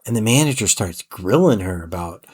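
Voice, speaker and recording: A man's voice: lowish voice, expressive, normal speed, darkish tone, slightly rough. Rambling man telling a story. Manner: rambling anecdotes, restarts, chuckles. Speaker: podcast co-host. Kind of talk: casual storytelling chat.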